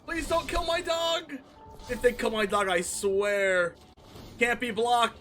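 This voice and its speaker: A man giving excited gameplay commentary on a card game he streams, yelping and laughing as he talks to himself. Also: very high voice, slow, raised voice, faint music behind.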